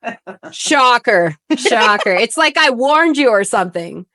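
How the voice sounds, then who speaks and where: Woman coach on a podcast, swears a lot, blunt and lively, dry close sound. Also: on the high side, moderate pace, no room sound. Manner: blunt, profane, animated storyteller. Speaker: relationship coach guest. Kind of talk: casual podcast storytelling.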